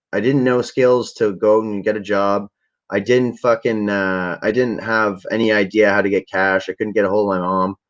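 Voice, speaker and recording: A man's voice: on the low side, highs cut off. A man telling a rambling, profane story in a laid-back, casual way to a livestream audience. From Canada. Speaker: vlogger.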